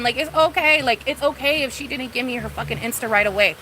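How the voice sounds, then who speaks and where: A woman's voice: high-pitched, quick pace, bright, forceful tone, a little hiss or hum, rough recording. A young woman streaming live, ranting casually and profanely with lots of "like" and "you know what I mean.". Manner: profane, rambling, lots of fillers.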